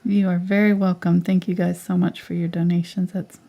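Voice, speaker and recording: Giggly woman with a gravelly voice. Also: on the low side, flat delivery, normal speed, muffled recording. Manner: giggly, easygoing, laughs often. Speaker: painting instructor. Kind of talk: live painting stream chat.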